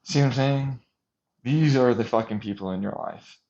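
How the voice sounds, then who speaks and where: A man's voice: medium pitch, moderate pace, warm tone. Ranting man on a dull recording. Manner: agitated, ranting, sarcastic. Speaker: vlogger. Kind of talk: intense monologue rant.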